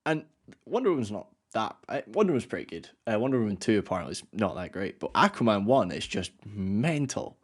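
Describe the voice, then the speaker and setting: A man co-hosting a podcast, with a fairly low voice. He rambles in a relaxed way, scattering "uh" and "like" through his sentences and laughing easily. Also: fairly quick, breathy edge. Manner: relaxed and rambling, full of fillers like "uh" and "like", laughs often. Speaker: podcast co-host. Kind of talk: casual podcast chat.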